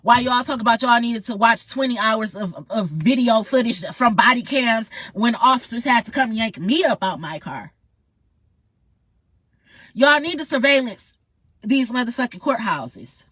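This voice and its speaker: A woman's voice: fairly high pitch, expressive, a little slow, fairly bright tone, husky, no echo. A woman ranting in a heated, profane, confrontational monologue straight to her viewers. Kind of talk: angry monologue vlog.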